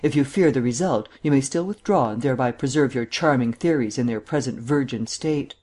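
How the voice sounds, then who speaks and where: Man doing a grumpy impatient DA, curt and sour, normal pitch. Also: brisk, darkish tone, natural voice. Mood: irritated. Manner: curt and irritable. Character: impatient, gruff male district attorney. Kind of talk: audiobook reading.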